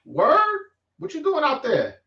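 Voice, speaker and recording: Fields: Sex: man. Style: animated street-talk boxing chat. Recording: roomy, distant, lo-fi. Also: extremely high pitch, measured pace, creaky. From New York. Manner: animated, streetwise slang, frequent restarts. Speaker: boxing vlogger host. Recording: roomy, distant, dull lo-fi sound.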